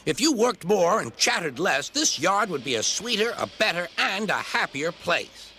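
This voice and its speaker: A man's voice: high voice, sing-song, moderate pace, pushed and bright, a little hiss or hum, voice pushed up, heavily acted. A man voicing a vain male steam engine who talks in a haughty, scornful way. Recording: background music.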